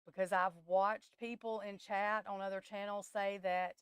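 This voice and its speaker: A woman's voice: medium pitch, flat delivery, normal speed, clean tone, dry recording, clean studio sound. A woman who hosts a tarot live stream, talking in a casual, emotional and blunt way that rambles.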